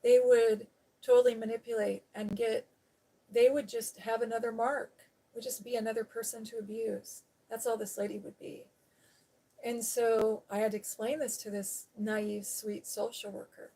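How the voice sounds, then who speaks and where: A woman's voice: a little high, flat delivery, normal speed, mellow. A woman hosting a live stream talks in a loose, candid way. She rambles through a personal story, tucking "you know" and "okay?" into her sentences and laughing now and then. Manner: laughs while talking. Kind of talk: casual chat.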